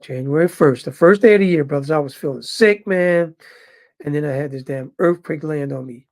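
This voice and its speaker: A man in his fifties telling his viewers a story in a casual, animated way and calling them brothers. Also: fairly high pitch, fairly quick. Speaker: vlogger living in Japan.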